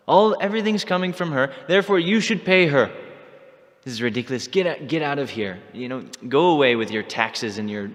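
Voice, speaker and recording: A man's voice: mid-range voice, a bit bright, pitched above the performer's own voice, natural voice. A man voicing a fiery, witty young female cowherd who scolds sharply, in a long-reverb temple hall.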